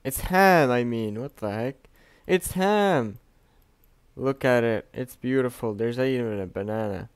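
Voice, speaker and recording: A young man talks over his mobile game in a smooth, clear voice, recorded close and dry with no room sound. He drawls along at an unhurried pace, muttering to himself, then bursts into loud yells and curses when things go right or wrong. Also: medium pitch, dry recording. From Canada. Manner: excitable, swearing, swings between mumbling and yelling. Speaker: gaming youtuber. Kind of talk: casual gameplay commentary.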